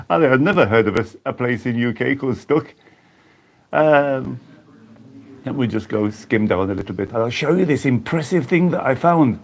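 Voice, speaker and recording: A man's voice: medium pitch, expressive, moderate pace, pauses often. An English man hosting a casual live-stream chat, greeting viewers by name and laughing often as he chats. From England. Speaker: YouTube host reading live chat.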